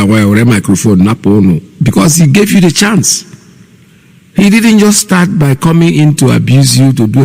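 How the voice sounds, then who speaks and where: A man's voice: medium pitch, vocal fry, a little mellow, long reverb tail. A man with a Nigerian accent hosting live online radio, scolding and mocking as he talks straight at his listeners. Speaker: radio host.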